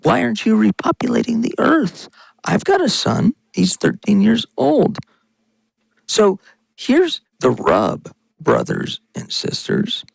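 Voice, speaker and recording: Gravelly man ranting with wild pitch swings. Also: huge pitch swings, slow, dry recording, rough recording. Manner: ranting, insulting, mocking. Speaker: podcast host. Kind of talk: angry political rant.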